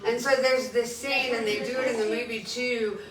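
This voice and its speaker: A woman bookstore owner telling an animated story at a live book event. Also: fairly high pitch, normal speed, over a noisy crowd. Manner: animated retelling, laughs into quotes. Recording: echoey room, distant mic, faint noise.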